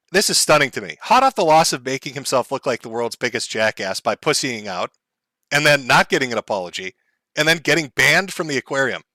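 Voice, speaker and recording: A man's voice: on the high side, bright, forceful tone, no room sound, clean studio sound. A man hosting a stream, giving profane, mocking commentary and laughing often. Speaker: streamer host.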